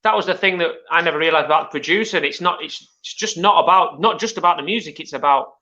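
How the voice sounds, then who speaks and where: A man fires off jokes at a fast clip in a bright, sharp voice. The audio is dull and lo-fi. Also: a little high. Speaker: guest musician. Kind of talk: casual chat.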